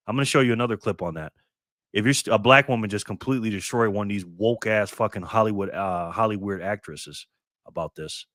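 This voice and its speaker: A man's voice: on the low side, fairly bright tone, no room sound, clean studio sound. A man hosting a casual live stream, ranting bluntly with frequent swearing and thanking viewers by name. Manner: blunt, profane, ranting commentary.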